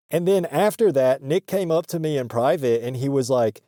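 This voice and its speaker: A man's voice: medium pitch, expressive, a little slow, long pauses, warm tone, dry recording, studio quality. A man telling a work story in a casual, profane and joking way, laughing between lines.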